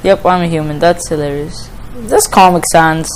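A woman's voice: fairly low pitch, moderate pace, poor audio. A woman giving casual let's-play commentary on a story game, emotional, often pleading and exclaiming. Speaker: gamer playing a story game.

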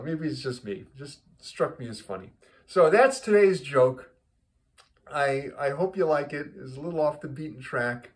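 A man casually telling a joke, rambling and often repeating his words. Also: a little high. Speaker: joke teller.

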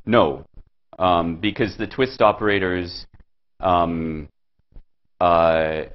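A man giving a physics lecture at a board, pausing often with fillers and restarting his sentences. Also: deep voice, fairly even intonation, lo-fi sound. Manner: halting, many fillers and restarts. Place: lecture hall.

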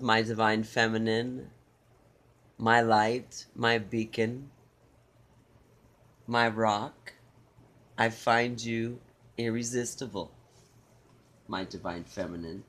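A man reading channeled love messages in a soft, tender way, with repeated phrases and pauses. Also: on the low side, fairly even intonation. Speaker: spiritual reader.

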